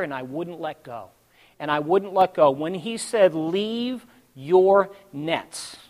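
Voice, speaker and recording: Guy preaching a sermon, pretty high voice for a man, goes from whispery quiet to loud, tells it like a story. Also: in a large hall. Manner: dramatic storytelling, swinging from hushed to loud; addresses the congregation directly.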